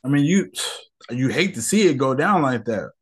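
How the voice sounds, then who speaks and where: A man's voice: mid-range voice, very animated, moderate pace, breathy edge. A man hosting a casual solo podcast, rambling in slang and sounding irritated. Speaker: podcast host.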